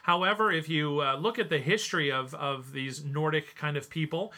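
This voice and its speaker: A man's voice: on the high side, moderate pace, sharp tone. A man hosting a podcast, giving a casual, rambling spoken review with plenty of fillers. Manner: chatty, rambling, many fillers. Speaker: podcast host.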